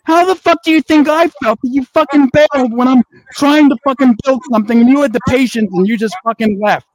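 A man with a strikingly high voice, angry and profane, lecturing someone in a heated on-air argument. The sound is dry and close, with no room around it. He keeps telling the other man to grow up. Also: brisk, a little mellow, no room sound, rough recording. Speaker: network owner.

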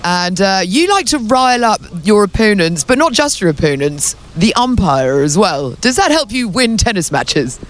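A man interviewing a tennis player, asking questions with teasing, deadpan jokes. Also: high voice, moderate pace, few pauses. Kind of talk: comedic interview.

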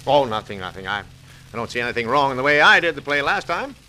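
An actor playing a grumbling, jealous husband in a 1940s radio comedy, on an old broadcast recording. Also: male voice, mid-range voice, sing-song, fast talker, bright, forceful tone, poor audio. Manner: sulky, grumbling. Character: grumpy, jealous middle-aged husband Oliver.

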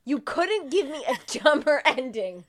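A woman's voice: sits high, very animated, measured pace, dry recording. A young woman co-hosting a comedy podcast, sarcastic and crude, swearing as she mocks a film. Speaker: podcast co-host. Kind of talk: casual comedic chat.

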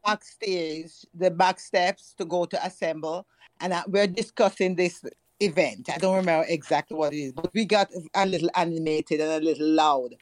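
A middle-aged Jamaican woman in casual chat, telling stories in an animated way and laughing often. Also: fairly low pitch, normal speed, no room sound. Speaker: guest.

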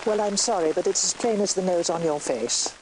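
An actress playing a frank, caring middle-aged mother in a period drama, speaking briskly and directly. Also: lowish voice, background noise, natural voice. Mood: chiding.

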